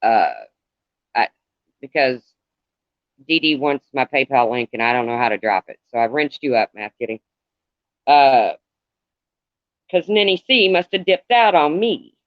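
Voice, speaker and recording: A middle-aged man speaks to his live-stream viewers at an ordinary pitch. He rambles and stops to address commenters by name. The sound is dry and dull, like a lo-fi stream. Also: animated, unhurried, long pauses, no echo.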